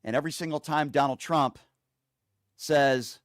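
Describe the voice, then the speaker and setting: A man's voice: fairly high pitch, lively intonation, fairly quick, no echo, clean studio sound. Male talk show host, angry mocking rant. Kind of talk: opinionated political commentary.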